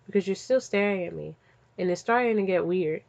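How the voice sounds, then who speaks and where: A woman's voice: medium pitch, a little fast, creaky, a little mellow, lightly acted. A woman voicing a sarcastic female starship AI in a dry, teasing way, on slightly dull lo-fi audio.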